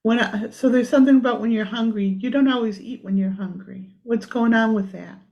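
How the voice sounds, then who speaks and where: Brief: woman healer, high voice, unhurried, sings soft repeated lines, dull lo-fi sound. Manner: soft, slow singing of simple repeated lines, quick chatty speech between. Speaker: energy healer. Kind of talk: private healing session with gentle singing. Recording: dull lo-fi audio.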